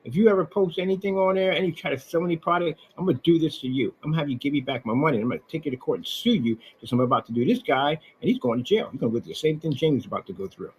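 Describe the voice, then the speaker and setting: A man's voice: fairly high pitch, racing, few pauses, darkish tone, a little hiss or hum, rough recording. A man giving a mocking, sarcastic rant over emails and receipts, talking straight at the person he is angry with. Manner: mocking, sarcastic, with scornful repetition; talks straight at the person he is ranting about. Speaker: online seller ranting about a customer.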